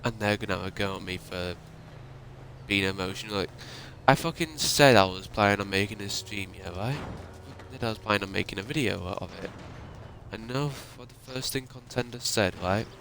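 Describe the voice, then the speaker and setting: A man's voice: on the low side, brisk, vocal fry, a bit bright, slight background noise. A man ranting in an upset, emotional way and swearing often, as a YouTuber talking to his viewers. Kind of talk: ranting monologue.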